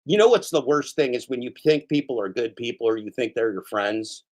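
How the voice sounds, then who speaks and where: A man's voice: on the low side, brisk, few pauses, darkish tone, slight background noise. A man ranting angrily and profanely in commentary, repeating himself and mocking the people he calls out.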